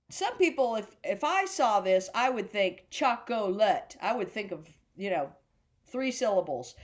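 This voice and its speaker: A middle-aged woman teaching a beginner drum class, chanting rhythm patterns aloud with food words. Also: mid-range voice. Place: senior center class room.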